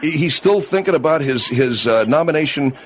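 Exasperated male radio host, lively pitch. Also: breathy edge. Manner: exasperated, incredulous, quick-tempered. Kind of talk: comic radio call-in.

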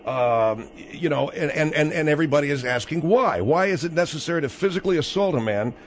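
A man hosting a call-in radio talk show, briskly steering callers and cutting to breaks. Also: on the high side, expressive, slight background noise. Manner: brisk, interjecting, moves the show along.

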